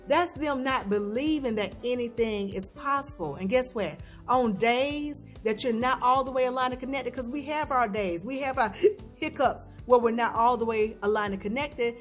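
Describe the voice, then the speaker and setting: A woman coaches her listeners in an emphatic, preachy way and keeps asking questions that she then answers herself. Her voice sits fairly high, and soft music plays underneath. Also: normal speed. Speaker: vlogger giving advice. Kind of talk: motivational talk to camera.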